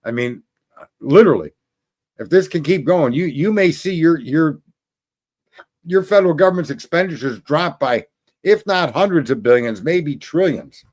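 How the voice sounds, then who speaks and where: A man's voice: a little high, expressive, normal speed, a little mellow. A man hosting a show, ranting casually and rambling to viewers, swearing often and laughing at his own jokes. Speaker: show host.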